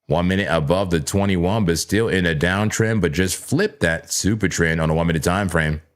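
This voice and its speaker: A man with a low, deep voice hosts a casual live trading stream. He chats playfully with his viewers, repeats words and corrects himself as he goes, and keeps up a loose, conversational flow over his charts. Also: normal speed. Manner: playful, chatty, talks straight to chat viewers. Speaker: livestream crypto trading host.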